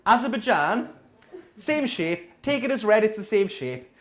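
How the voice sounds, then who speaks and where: A man's voice: high-pitched, big pitch swings, unhurried, a bit bright. A man in his thirties doing a rambling, self-deprecating, sweary stand-up set as the comedian. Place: small coffee shop venue, indoors. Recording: echoey small room.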